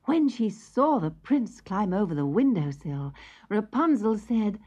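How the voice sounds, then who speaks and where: Slow, expressive woman storyteller. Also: mid-range voice. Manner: slow, expressive, sing-song reading with soft whispers. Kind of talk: scripted children's story narration. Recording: lo-fi tape with faint music.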